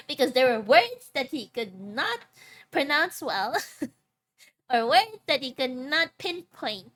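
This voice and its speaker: A woman's voice: sits high, big pitch swings, takes it slowly, a bit bright. A young woman, a streamer chatting casually and rambling between giggles. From Philippines. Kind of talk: casual live-stream chat.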